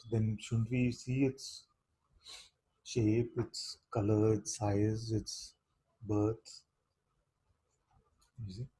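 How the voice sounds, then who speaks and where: A man teaching seekers at a satsang in a soft, dark, slightly husky voice. He speaks at an unhurried pace and keeps turning his points into questions, often asking "you see?". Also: mid-range voice, low-quality recording. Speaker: spiritual teacher.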